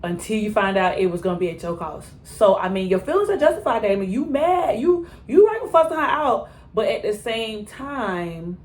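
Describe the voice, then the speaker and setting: A woman's voice: medium pitch, normal speed, few pauses. Exasperated woman reacting to TV. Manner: animated, exasperated, talks back to characters on screen. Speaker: TV reaction reviewer. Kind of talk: casual reaction commentary.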